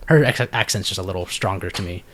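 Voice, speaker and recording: A man's voice: deep voice, animated, quick pace, a bit bright, a little hiss or hum. A man hosting a podcast in casual chat, rambling with many fillers and restarts. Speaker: podcast host.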